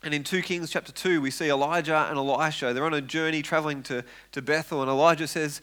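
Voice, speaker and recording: A male preacher delivering a sermon in a bright, forward voice that sits a little high. He retells the passage with animated, acted-out quotes and stumbles into quick repeats when he gets going. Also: smooth.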